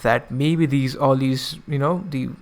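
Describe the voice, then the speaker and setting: A man's voice: medium pitch, fairly even intonation, measured pace. A man streaming, reading a visual novel aloud and breaking off for casual asides. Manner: casual asides, self-correcting.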